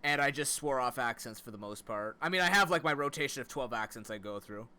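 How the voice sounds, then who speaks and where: A man streaming a video game, talking in a rambling, animated, self-mocking way. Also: mid-range voice, fast, clear, resonant tone. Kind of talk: casual let's-play commentary.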